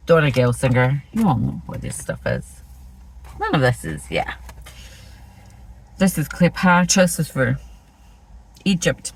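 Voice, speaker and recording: Here a woman from Scotland, voice sitting low, rambles casually and self-deprecatingly through her cross-stitch projects as a flosstube host. The audio is poor, with slight background noise.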